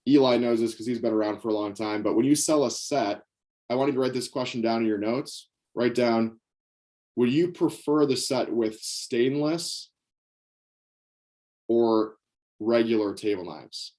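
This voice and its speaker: A man's voice: mid-range voice, a little slow, darkish tone. Young male sales coach, upbeat and direct, repeats key lines for note-taking. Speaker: sales trainer. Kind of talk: sales training session. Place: indoors with knives on a table.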